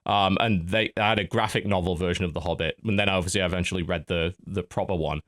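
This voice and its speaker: A man's voice: low voice, fairly even intonation, fast, fairly bright tone. A man hosting a podcast in casual chat, telling stories with lots of restarts. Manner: chatty storyteller, many restarts. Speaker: podcast host.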